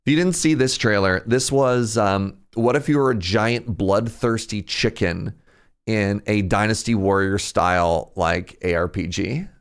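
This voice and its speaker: A young man chatting casually on a live stream, rambling and jumping in pitch when something excites him. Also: unhurried, clear, resonant tone. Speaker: streamer reacting to a game showcase.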